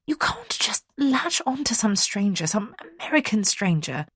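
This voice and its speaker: A woman's voice: medium pitch, big pitch swings, a little slow, fairly bright tone, breathy edge, no echo, clean studio sound, pitched above the performer's own voice, exaggerated voice. A woman reading the part of an anxious, fretting middle-aged mother, worried and scolding. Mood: anxious, fretful.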